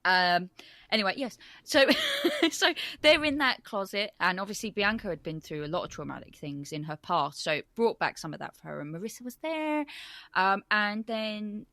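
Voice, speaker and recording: A woman's voice: mid-range voice, sing-song, normal speed, sharp tone, no echo. A woman co-hosting a podcast in casual chat, rambling and gushing with many ums. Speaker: podcast co-host.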